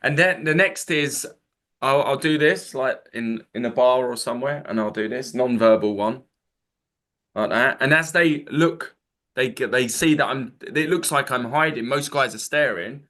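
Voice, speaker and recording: A man's voice: medium pitch, moderate pace, a bit bright. A man hosting a panel of dating coaches, casually explaining pickup openers and acting out both sides of the conversation.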